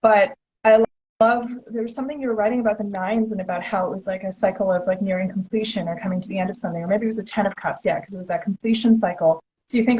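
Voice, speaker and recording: A woman's voice: mid-range voice, fairly even intonation, quick pace, a little mellow, a little hiss or hum. Chatty enthusiastic woman host, lo-fi audio. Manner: enthusiastic, chatty, many "like" fillers. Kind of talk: casual interview chat.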